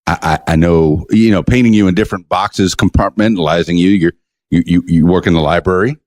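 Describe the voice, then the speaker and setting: A man's voice: sits low, fairly quick, darkish tone. A man hosting a casual podcast interview, chatty and joking, often restarting his words. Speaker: podcast host.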